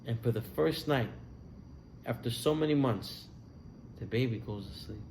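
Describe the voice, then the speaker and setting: A man's voice: mid-range voice, moderate pace, a little mellow, a little hiss or hum. A man, a rabbi, telling stories in a sermon, his voice rising and falling with the tale. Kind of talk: sermon storytelling.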